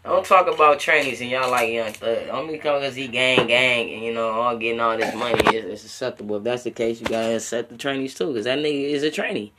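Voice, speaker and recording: A man's voice: medium pitch, a little fast, hardly any pauses, background noise. A young man hosting a solo podcast in a loose, profane, rambling way, talking straight at his listeners and ending lines with slang tags like bro and my friend. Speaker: podcast host. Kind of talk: casual solo podcast rant.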